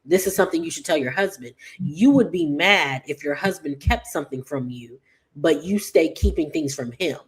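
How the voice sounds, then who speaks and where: A woman giving a casual, rambling recap of an episode, with many fillers and quick paraphrased quotes. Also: deep voice. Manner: chatty, rambling, full of "like" and "just like". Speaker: soap opera recap vlogger.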